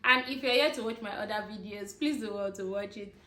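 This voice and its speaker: A young Nigerian vlogger rants casually to camera, chatting with her viewers, calling them "guys," and laughing between points. Her voice is medium-pitched, bright and forceful, a little fast, and reverberant.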